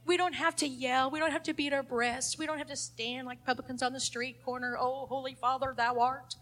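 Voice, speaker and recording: A middle-aged woman leads an adult Sunday school class, preaching with fervor. Her voice sits high and rings brightly. She moves between emphatic declarations and near-hushed passages. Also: fairly even intonation, brisk.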